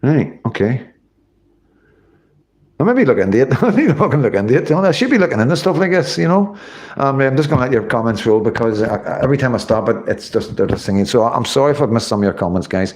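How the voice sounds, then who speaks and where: A man's voice: medium pitch, big pitch swings, quick pace. Rambling Northern Irish man on a livestream. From Northern Ireland. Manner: rambling, swears often, many fillers. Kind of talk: casual livestream chat.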